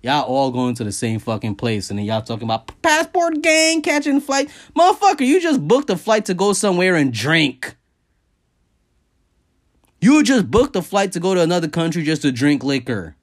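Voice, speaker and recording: A man hosting a podcast, ranting casually and profanely, jumping up high in pitch to stress his points. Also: normal speed. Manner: profane, animated, jumps high in pitch for emphasis. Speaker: podcast host. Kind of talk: casual comedic rant.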